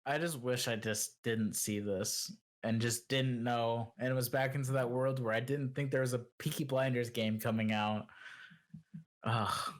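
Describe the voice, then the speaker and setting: A man's voice: mid-range voice, fairly even intonation, a little slow. A young man co-hosting a casual podcast, griping and sarcastic. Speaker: podcast co-host. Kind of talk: casual chat.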